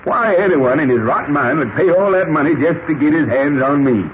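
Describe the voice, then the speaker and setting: An actor playing a folksy old cowboy prospector who talks in a stubborn Western drawl full of rustic slang, in 1940s radio acting style. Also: male voice, on the high side, brisk, lightly acted. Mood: wary. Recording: dull lo-fi old radio recording with hiss.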